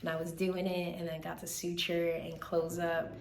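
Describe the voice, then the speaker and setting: A woman in her twenties, a medical student vlogging in a casual, animated way, tired and still recovering from being sick, with lots of fillers and repeated words. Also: on the low side, moderate pace, creaky, few pauses. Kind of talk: casual chat. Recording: echoey room, faint background hiss.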